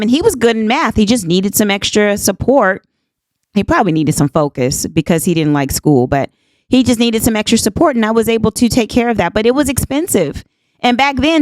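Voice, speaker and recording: A woman's voice: a little high, dry recording. A woman in her fifties hosting a podcast, talking in an earnest, emphatic, folksy way and repeating herself for emphasis. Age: 50s. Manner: folksy, says "honey child" and "y'all". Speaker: podcast host. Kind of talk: casual monologue.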